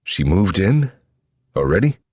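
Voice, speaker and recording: A man narrating an audiobook voices a supportive younger brother with an earnest, warm manner. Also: low voice, sing-song, unhurried, no room sound, studio quality, pitched above the performer's own voice, full character voice.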